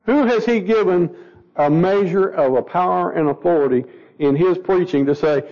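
A man's voice: on the high side, moderate pace, gravelly, darkish tone, big-room sound. A man teaching a Bible study to a group, asking them questions as he goes and stumbling over words. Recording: dull lo-fi recording.

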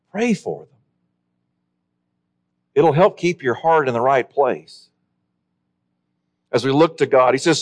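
A man preaching a sermon in an earnest, emphatic way, slowing down to stress key words. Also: medium pitch, animated.

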